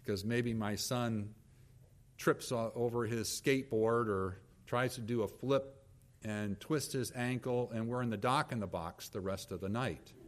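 A man's voice: mid-range voice, measured pace. A middle-aged male pastor preaching, telling a story about his wife and kids and acting out their lines of dialogue. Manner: storytelling, acts out quoted dialogue. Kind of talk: sermon with personal story.

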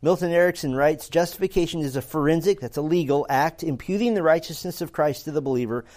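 Man lecturing on theology, warm mellow tone, earnest, repeats words, lots of ums. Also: fairly high pitch, fast. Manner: earnest, repeats words while thinking, many fillers. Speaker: theology teacher. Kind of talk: classroom lecture.

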